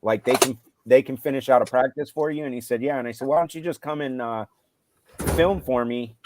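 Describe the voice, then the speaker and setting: A middle-aged man chatting on a live show about his coaching. He tells his stories in a relaxed, casual way and turns loud and animated when he acts out what he said on the field. His voice sits in an ordinary, mid-range pitch. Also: fairly quick, very noisy. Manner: animated retelling, loud when quoting himself. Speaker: high school football coach.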